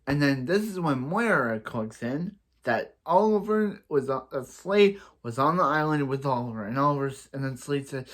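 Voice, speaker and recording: A man's voice: mid-range voice, expressive, moderate pace, hardly any pauses. A young man casually recapping a TV episode as a reviewer, rambling and repeating himself, with playful bursts of sound effects.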